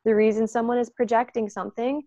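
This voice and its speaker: A woman talking about energy and consent in a casual spiritual chat. She is animated and acts out the voices of the people she quotes, with a lot of "like" and "um". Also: on the high side, fast talker, no echo, dull audio.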